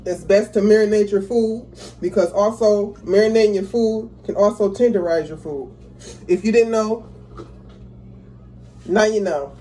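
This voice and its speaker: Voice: mid-range voice, a little slow, pauses often, dark tone, slight background noise, low-quality recording. A home cook casually talking viewers through a recipe step by step, in a chatty, easygoing way. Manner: chatty, talks viewers through each step, laughs easily. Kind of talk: casual cooking tutorial. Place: home kitchen.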